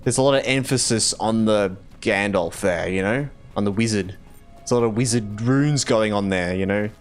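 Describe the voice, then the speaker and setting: A man's voice: lowish voice, moderate pace, faint music behind. A man with an Australian accent chatting casually while streaming a game, playful and laughing often as he talks with viewers.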